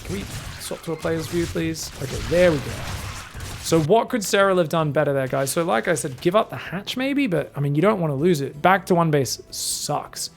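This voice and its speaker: An Australian man giving excited, casual, jokey esports commentary, sometimes swearing. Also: on the high side, normal speed, creaky, faint music behind. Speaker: esports caster.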